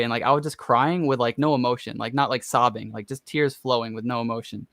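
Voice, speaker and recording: Excitable man telling a story, dry sound. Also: mid-range voice, quick pace, hardly any pauses, no room sound. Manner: excited rambling storyteller, many fillers. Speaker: podcast host. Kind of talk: casual chat.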